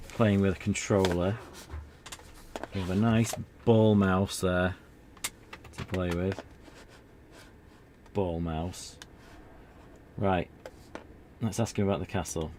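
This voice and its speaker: A man's voice: low-pitched, background noise. A man streaming an old adventure game, chatting casually in a rambling, self-deprecating way. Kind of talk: casual gameplay commentary.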